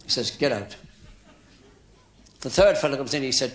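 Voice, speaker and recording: An older Irish man telling jokes on stage in lilting, theatrical stand-up storytelling that builds to loud punchlines. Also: medium pitch, lively intonation, moderate pace, slight background noise. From Ireland. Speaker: stand-up comedian. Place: hotel function room with live audience. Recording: roomy live hall with crowd.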